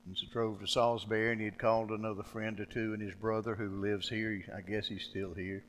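A man's voice: fairly low pitch, steady tone, fast, few pauses, a little hiss or hum. Older man preaching in a reverberant hall. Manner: folksy storytelling, swings from loud preaching to quiet asides. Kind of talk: sermon.

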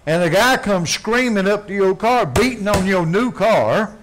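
A man preaching a blunt, folksy sermon, dropping to quiet asides and then yelling. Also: sits high, animated, a little slow, slight background noise. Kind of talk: fiery sermon.

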